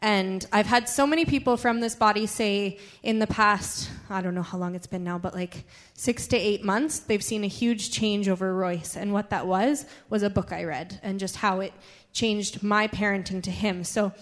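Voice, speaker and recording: A woman with kids giving an animated personal testimony to her church congregation. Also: medium pitch. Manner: animated, quick storytelling. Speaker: church member sharing testimony.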